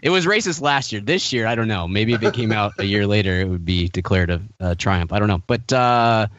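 A man's voice: fairly low pitch, lively intonation, a little fast, a bit bright, no room sound, dull audio. A man co-hosting a podcast in casual chat, wry, laughing often, rambling with restarts. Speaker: podcast co-host.

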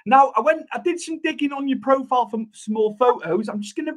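High-voiced enthusiastic male host. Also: fast talker. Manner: enthusiastic, heaps praise on the guest. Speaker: podcast host. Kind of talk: casual interview chat.

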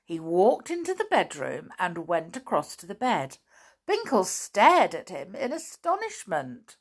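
Woman reading a children's story slowly. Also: on the low side, wildly swooping pitch, husky.

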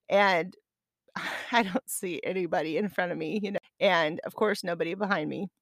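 Laughing as she goes, an Arizona podcast host in middle age shares a personal story in a chatty, self-deprecating monologue. Her voice is medium-pitched with a fairly bright tone. The sound is clean studio audio without echo.

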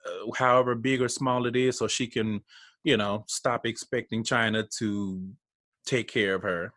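A man's voice: lowish voice, fairly even intonation, a little slow, a bit bright, dry recording, clean studio sound. A man casually recapping a reality show with a co-host, blunt and profane, laughing often and acting out what people said. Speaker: podcast co-host.

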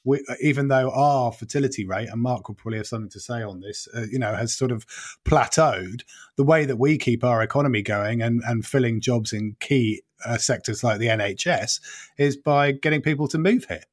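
Measured man on a podcast. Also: medium pitch. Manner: measured, careful, hedging with fillers. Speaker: podcast panelist. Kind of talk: casual podcast discussion.

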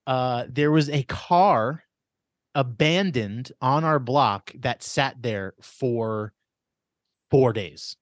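A man co-hosting a comedy podcast, drifting through long anecdotes with plenty of restarts and filler words. His voice sits at a middling pitch and comes across dry and close to the mic. The talk stays loose and conversational. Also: very slow, no room sound. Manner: rambling anecdotes with many restarts. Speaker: podcast co-host. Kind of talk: casual chat. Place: Los Angeles.

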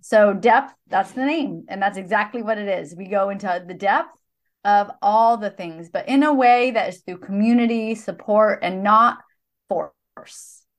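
A woman's voice: mid-range voice, a little slow. A woman co-hosting a podcast, talking earnestly and explaining in a casual chat. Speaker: podcast co-host.

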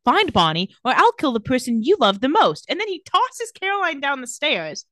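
A woman's voice: high-pitched, huge pitch swings, normal speed, a bit bright, no echo, studio quality. A woman in casual chat, recapping TV scenes and acting out the characters' lines. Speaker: podcast co-host recapping a TV episode.

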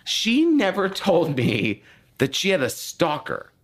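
Animated man telling a wild story. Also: high voice, slow. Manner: animated storyteller who acts out voices, swears freely. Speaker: podcast co-host. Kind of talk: casual chat, storytelling.

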